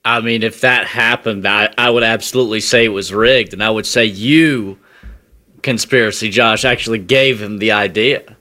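Bright bantering male co-host. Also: lowish voice, fairly even intonation, moderate pace. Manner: amused, bantering. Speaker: radio co-host. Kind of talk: sports talk radio.

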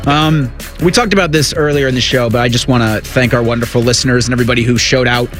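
A man's voice: mid-range voice, fairly even intonation, quick pace, a bit bright, faint music behind. Upbeat male radio co-host. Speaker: radio sports talk co-host. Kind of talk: casual radio chat.

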